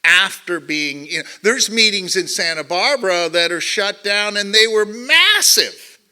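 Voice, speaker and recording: A man in his sixties, originally from Glasgow, shares his story at a recovery meeting over a microphone. His voice is strikingly bright and sits high for a man. He talks candidly and cracks jokes, swearing bluntly as he goes. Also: lively intonation, measured pace, clear, resonant tone. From Glasgow, Scotland. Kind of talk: personal recovery share to an audience. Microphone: handheld or stand microphone.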